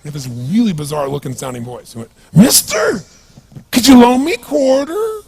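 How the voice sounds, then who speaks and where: A man voicing a drunk male street beggar in his sixties, with a strange, strained voice pitched far above his own. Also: animated, moderate pace, vocal fry. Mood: pleading. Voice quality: bizarre high strained voice.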